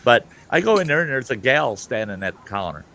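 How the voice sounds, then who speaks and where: A man spins a story for friends on an online call, his voice rising and falling over a wide range. He swears freely and works himself up until he is nearly shouting. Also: mid-range voice, brisk, slight background noise. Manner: animated, profane, grows loud and heated. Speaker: host of an online hangout. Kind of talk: casual storytelling.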